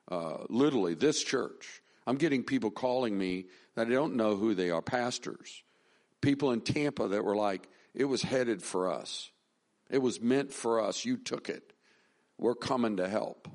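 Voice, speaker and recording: A man's voice: fairly low pitch, darkish tone. A middle-aged man preaching a sermon as pastor, talking in a conversational, folksy way, with restarts and rising emphasis.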